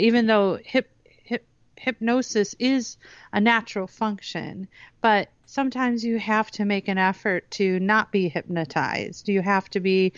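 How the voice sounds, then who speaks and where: A woman guest on a talk radio show explaining hypnosis in a lively way, acting out the voices she quotes. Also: mid-range voice, clean tone, no room sound. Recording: dull lo-fi radio audio.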